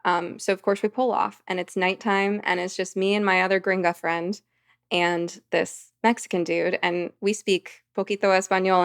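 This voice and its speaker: Woman with a gravelly voice. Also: fairly low pitch. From United States. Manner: vivid anecdotal telling. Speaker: podcast guest. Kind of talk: casual conversational storytelling.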